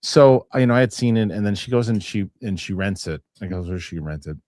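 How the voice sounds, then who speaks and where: A man's voice: fairly low pitch, fairly quick, darkish tone, dry recording, clean studio sound. A middle-aged man hosting a casual chat show, rambling with restarts and acting out other people's lines. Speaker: host.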